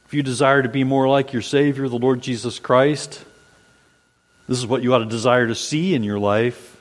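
A man's voice: mid-range voice, steady tone, normal speed. A male pastor preaching a Sunday sermon in an earnest, repetitive preaching cadence. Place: church sanctuary. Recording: long hall reverb.

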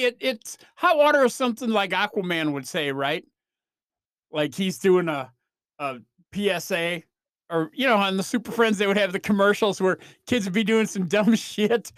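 Rambling, animated male podcast host. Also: high voice, no room sound, clean studio sound. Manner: rambling, animated, slips into mock voices. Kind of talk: comedic monologue.

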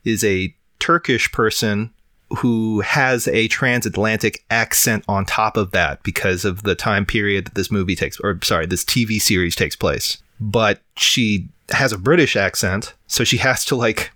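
Guy with a fever rambling on a podcast, lotta likes and uhs, lowish bright voice. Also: normal speed, no room sound, clean studio sound. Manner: rambling, filler-heavy, swears casually. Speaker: podcast co-host. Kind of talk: casual chat.

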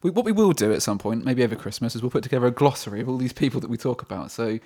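A man's voice: mid-range voice, expressive, racing, warm tone. A man co-hosting a casual chat podcast, teasing his partner with dry remarks. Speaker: podcast co-host.

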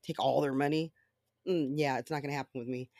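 A podcast host talks alone in loose, rambling monologue, peppering every thought with profanity. The voice sits at a middle pitch. The recording is dry, with no room sound around it. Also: fairly even intonation, quick pace, a little mellow, no room sound. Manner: swears freely, rambling storytelling. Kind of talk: casual solo podcast monologue.

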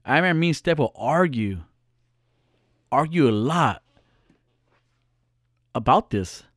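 A man's voice: mid-range voice, expressive, measured pace, a bit bright, no room sound, studio quality. A male podcast host talking alone in a casual, earnest, reflective way, repeating phrases for emphasis. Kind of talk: casual solo monologue.

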